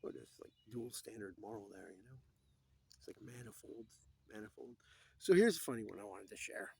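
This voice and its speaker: A lowish, warm, creaky voice with a slightly rough texture belongs to a man telling stories a little fast, with lively intonation. In a casual, rambling monologue he relives old cartoon scenes, acting out the characters and chuckling at his own jokes.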